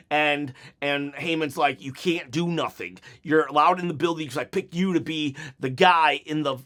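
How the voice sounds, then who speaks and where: Give me a chatty man reviewing wrestling, high-voiced. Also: fairly bright tone. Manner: rambling, restarts often, laughs at own jokes; recaps wrestlers' lines in quick mimicked quotes. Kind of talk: casual solo review.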